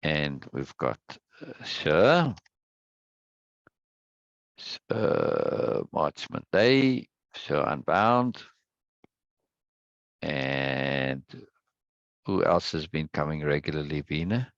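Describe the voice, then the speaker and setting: A man hosting a live stream and chatting casually with viewers. He rambles, repeats words and greets people warmly. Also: rumbling low, lively intonation, extremely slow, pauses often, no echo, dull audio. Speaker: livestream host.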